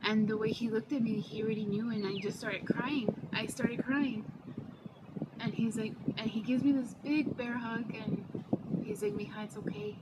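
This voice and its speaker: A woman's voice: a little high, steady tone, moderate pace. A young adult woman telling her personal story in a casual, heartfelt way, often saying "like". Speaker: interviewee. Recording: loud vehicle noise behind.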